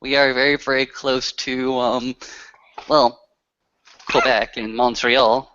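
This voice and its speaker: A man chatting casually during a tabletop game, adding quick joking asides. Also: mid-range voice, level tone, bright, forceful tone, muffled recording. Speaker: tabletop player.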